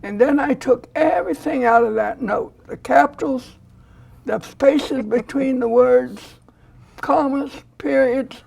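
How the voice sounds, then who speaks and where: An older woman with a deeply gravelly, husky voice tells a story in a studio interview. She performs every quoted line as she goes. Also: slow. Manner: animated storyteller who acts out quoted dialogue. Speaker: foster grandparent volunteer.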